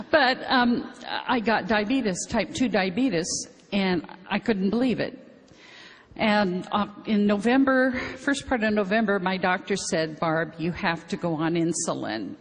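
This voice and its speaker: A woman's voice: medium pitch, slightly rough. A middle-aged woman giving an upbeat, chatty testimonial on stage. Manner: chatty and upbeat, quoting others with animation. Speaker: speaker on stage. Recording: reverberant hall with faint noise.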